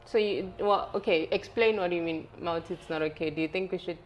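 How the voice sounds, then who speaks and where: A young woman hosts a relaxed interview, asking probing follow-up questions and laughing easily. Her voice sits a little low, and faint noise is heard behind it. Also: fairly quick, muffled recording. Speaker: host. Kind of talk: casual interview.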